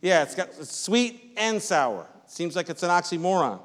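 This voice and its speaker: High-voiced preacher in a reverberant hall. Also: male voice, big pitch swings, moderate pace. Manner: conversational preaching, asks the congregation "Amen?"; repeats and restarts phrases. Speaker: pastor. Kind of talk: sermon. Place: church sanctuary.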